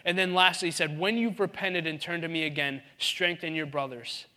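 A man's voice: on the high side, moderate pace, sharp tone. A man preaching a sermon in an earnest, conversational way, often restarting his sentences. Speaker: pastor.

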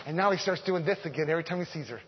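Male preacher, husky, playful; sermon recorded in a reverberant sanctuary. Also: a little high, racing. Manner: animated, joking, repeats phrases, calls out to the men. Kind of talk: conversational sermon. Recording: echoey hall, dull lo-fi sound.

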